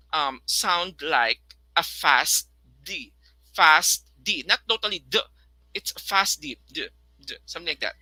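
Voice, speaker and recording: A Filipino man teaching an online lesson in a high, very bright voice. He repeats words slowly so learners can copy the sounds and slips into Tagalog asides. The sound is dry and close. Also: dry recording, poor audio. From Philippines. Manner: mixes English with Tagalog, repeats words slowly to model pronunciation.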